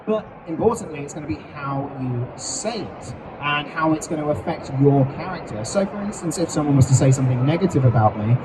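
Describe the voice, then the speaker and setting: A man's voice: a little high, lively intonation, brisk, few pauses, distant mic. Playful male co-host on a noisy convention stage. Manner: chatty, playful, explaining with acted examples. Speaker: co-host teaching character creation. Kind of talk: live stage talk at a fan convention.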